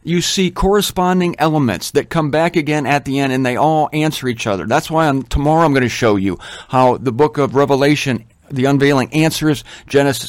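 A middle-aged man giving an informal Bible teaching, emphatic and conversational, slowing down to stress his points. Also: medium pitch, no echo, studio quality.

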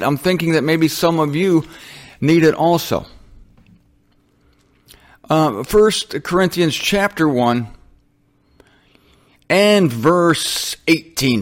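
Animated, fairly high-voiced male Bible teacher. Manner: animated, self-mocking, prone to tangents.

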